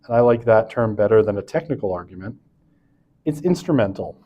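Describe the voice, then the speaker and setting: A man's voice: lowish voice, expressive, fairly quick, highs cut off. A man giving a recorded university lecture in a casual, chatty way. He keeps checking in with "right?" and breaks off for asides and restarts. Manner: self-interrupting, with asides and restarts.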